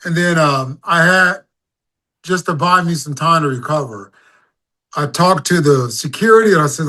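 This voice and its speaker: A man's voice: fairly high pitch, moderate pace. A man, a singer-songwriter guest, telling stories casually in an interview and acting out his own stage calls. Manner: animated storyteller, acts out crowd calls.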